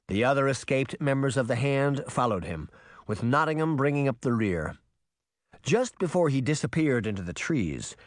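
Lively male audiobook narrator. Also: medium pitch, no echo, studio quality. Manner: expressive storytelling. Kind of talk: scripted narration.

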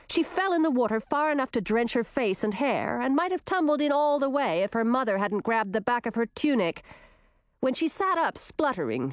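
Casting: female storybook narrator, lively melodic delivery, dry close mic. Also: mid-range voice, dry recording. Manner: expressive, storytelling. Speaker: audiobook narrator.

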